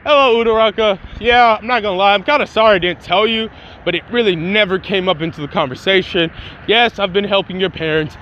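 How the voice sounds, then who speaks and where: A man's voice: high voice, a little fast, fairly bright tone, muffled recording, a little hiss or hum. A man voicing a secretive young male antihero leaving a casual, rambling, slightly threatening recorded message. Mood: offhand.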